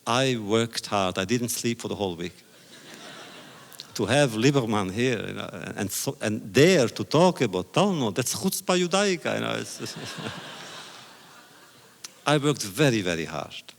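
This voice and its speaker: Older male lecturer, gravelly, deliberate storyteller, echoing hall. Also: medium pitch, very animated. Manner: measured, deliberate phrasing with pauses. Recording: reverberant hall recording. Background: audience laughter.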